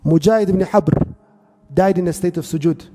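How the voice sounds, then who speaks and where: Earnest high-voiced male preacher. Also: moderate pace, dark tone, long reverb tail. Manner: earnest, mixes Arabic phrases. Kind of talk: sermon storytelling.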